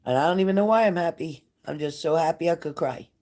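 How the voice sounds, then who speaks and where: A woman's voice: sits low, fast talker, mellow. Older woman, psychic reader hosting a live stream; casual, emotional, scattered, chatty with viewers.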